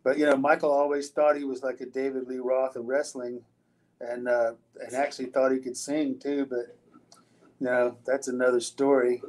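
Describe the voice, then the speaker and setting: A man's voice: medium pitch, little pitch movement, normal speed, a little mellow, low-quality recording. An older man, a retired wrestler, answering interview questions in a loose storytelling way, with frequent restarts, fillers and casual swearing.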